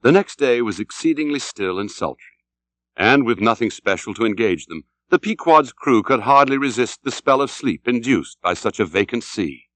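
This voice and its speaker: Male narrator, mid pitch, animated dramatic reading, dry studio recording. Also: moderate pace, no room sound. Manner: dramatic, shouts out the sailors' cries. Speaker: audiobook narrator. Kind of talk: scripted narration.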